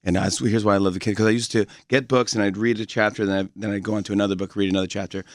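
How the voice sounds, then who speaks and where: A man who hosts a talk show, guesting in a radio studio and telling stories in a casual, animated way with lots of laughing restarts. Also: on the low side, very fast, no echo.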